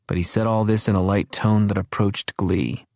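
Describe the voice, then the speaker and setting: A man narrates an audiobook in an even, measured way. His voice sits very low, and the recording is close and dry with no room sound. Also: vocal fry, dry recording. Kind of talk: scripted narration.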